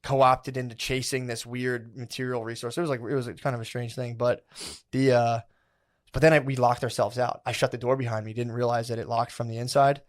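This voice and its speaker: A man's voice: mid-range voice, a little fast. A man co-hosting a podcast, telling a story in a rambling, casual way with lots of fillers and swearing. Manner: rambling, filler-heavy, profane, animated retelling. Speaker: podcast co-host.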